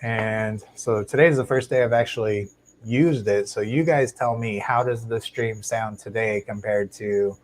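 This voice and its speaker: A man hosting a casual live stream about his shrimp tanks, talking into a lapel mic in a home fish room in a relaxed, chatty way with plenty of fillers and restarts. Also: on the low side, measured pace, rough recording. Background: faint hum of aquarium tanks.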